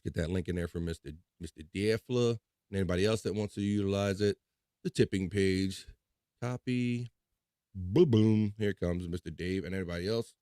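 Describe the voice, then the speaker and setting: A man's voice: deep voice, fairly even intonation, normal speed, dark tone, smooth, no echo, studio quality. A man hosting a casual live chat show, reading viewer comments aloud in a loose, upbeat way with playful filler sounds.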